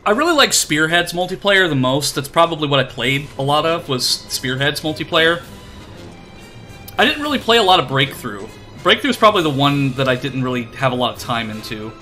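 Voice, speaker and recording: A man's voice: a little high, very animated, a little fast, pushed and bright, faint music behind. A man streaming a video game, chatting casually in a rambling, self-deprecating way with lots of fillers. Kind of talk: casual chat while playing.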